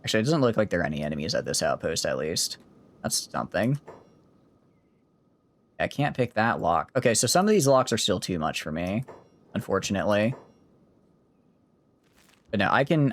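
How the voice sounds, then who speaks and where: A man with a mild Southern US accent streams a game in a chatty, rambling way, stopping often to correct himself. His voice sits fairly low but swings lively up and down as he talks. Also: normal speed, long pauses. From Southern United States. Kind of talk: casual gameplay commentary.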